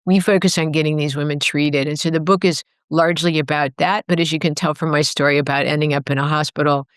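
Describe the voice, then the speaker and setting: A woman's voice: sits low, fairly even intonation, fast talker, no room sound, studio quality. A middle-aged woman, a guest author, talking earnestly and reflectively in an interview, rambling a little and correcting herself as she goes. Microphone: remote call microphone.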